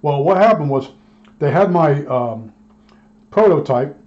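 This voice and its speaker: A man's voice: a little high, animated, a little slow, darkish tone. A man, an electronics technician telling a long rambling story in a casual way. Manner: rambling, acts out both sides of old arguments. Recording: dull lo-fi recording.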